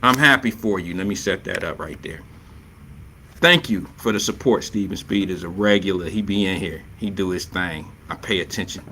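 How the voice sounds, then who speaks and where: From a home setup, a man with a bright, forward, low-sitting voice hosts a laid-back live stream show at normal speed. Loose and playful, he chuckles often, greets viewers by reading their comments and keeps coming back to his catchphrases. A slight hiss or hum runs under the audio.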